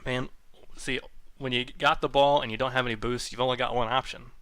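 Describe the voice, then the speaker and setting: A man calling live play-by-play for an online game tournament, quick and jokey. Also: mid-range voice, steady tone, sharp tone, smooth, dry recording. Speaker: esports caster.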